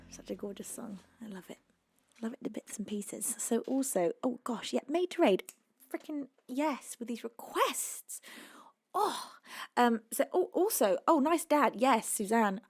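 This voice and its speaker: A woman's voice: unhurried, a little mellow. A British woman hosting a live music stream, chatting casually and gushing thanks to her viewers in a bubbly, effusive way from a home streaming room. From United Kingdom. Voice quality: low voice she calls husky-edged. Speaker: live-streaming singer and host. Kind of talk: casual chat between songs on a live stream.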